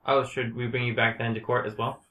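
A man running a tabletop game as game master, relaxed and laughing often, in an echoey room. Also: medium pitch, fairly quick, muffled recording. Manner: relaxed, laughs often, plays guards in plain voice.

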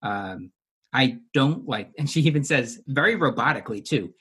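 A man's voice: medium pitch, animated, normal speed, sharp tone, husky. A man recapping and discussing a television episode with co-hosts in a casual chat, with frequent fillers.

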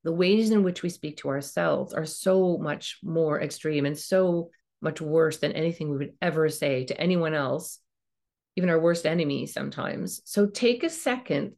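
A middle-aged woman giving a gentle self-help talk with a coaching manner, now and then acting out the voices in her head. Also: on the low side, expressive, normal speed.

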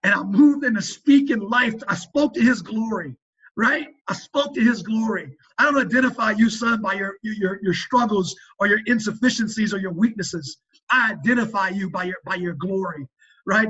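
High-voiced earnest preachy man. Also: a bit bright, husky, highs cut off. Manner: earnest, preachy, emphatic, many restarts. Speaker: father sharing parenting advice. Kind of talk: faith-based podcast conversation.

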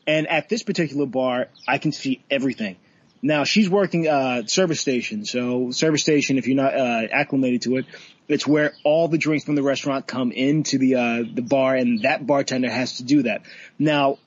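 A man, a bartender, casually telling a work story, animated, swearing and acting out what people said, with laughs. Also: medium pitch, normal speed, no room sound, muffled recording. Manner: animated, swearing, laughs often, acts out quotes.

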